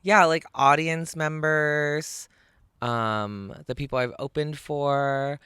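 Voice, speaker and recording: A woman's voice: deep voice, fairly even intonation, slow, fairly bright tone, clean tone, no echo, clean studio sound. A woman and comedian co-hosting a podcast in casual chat, laughing often and poking fun at herself. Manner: chatty, laughs often, self-mocking.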